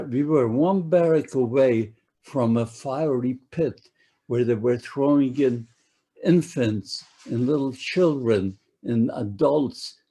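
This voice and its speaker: A man in his nineties from Poland, giving personal testimony to an audience in a halting way that repeats words as he searches for them. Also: medium pitch, warm tone, husky. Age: 90s. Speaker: Holocaust survivor giving a talk.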